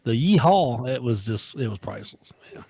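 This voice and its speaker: A man casually telling prank phone stories on a podcast, often jumping into a high voice for his quotes. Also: expressive, moderate pace, vocal fry, mellow, breathy edge, no room sound. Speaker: podcast co-host. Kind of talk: casual storytelling.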